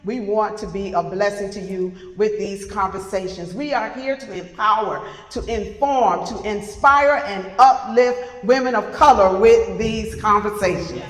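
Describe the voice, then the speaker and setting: Here the podcast host's voice sits at medium pitch, a little slow with few pauses, and a bit of hiss or hum comes through. The middle-aged woman introduces her panel guests with gushing, repeated compliments before a live audience at a retreat event room, where the spacious hall rings with long reverb.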